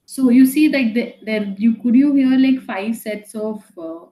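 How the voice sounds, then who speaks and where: A young woman teaching an online class, talking in a halting way with many fillers and some Hindi phrases. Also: fairly high pitch, mellow, echoey room, low-quality recording.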